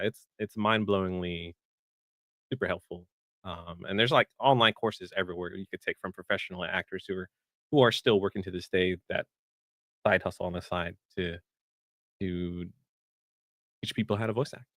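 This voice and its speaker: Enthusiastic low-voiced man. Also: fairly even intonation, normal speed, long pauses, fairly bright tone, no room sound. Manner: enthusiastic, rambling storyteller. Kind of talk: casual panel chat.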